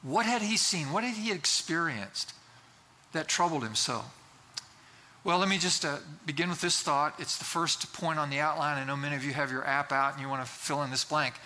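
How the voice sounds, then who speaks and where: A man's voice: a little high, moderate pace, bright, forceful tone. A man preaching a sermon in a conversational way, with fillers and restarts. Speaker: pastor.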